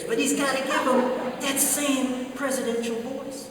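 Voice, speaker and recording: A man's voice: extremely high pitch, normal speed, a little hiss or hum. A man giving a humorous storytelling speech at a conference, acting out radio voices as he goes. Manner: animated anecdotal delivery, acts out radio voices. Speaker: keynote speaker. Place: large conference hall. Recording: echoey hall, speaker far from mic.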